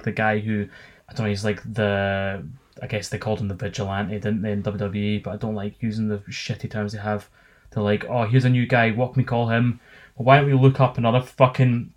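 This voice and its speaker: Scottish man, casual chat, sweary, sarcastic, rambling asides. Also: mid-range voice. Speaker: podcast co-host.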